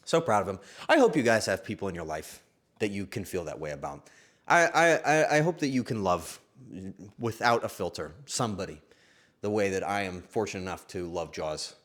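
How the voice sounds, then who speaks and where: A young man streaming, chatting casually and emotionally, swearing often and swinging from loud bursts to hushed asides. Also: lowish voice, very animated, moderate pace.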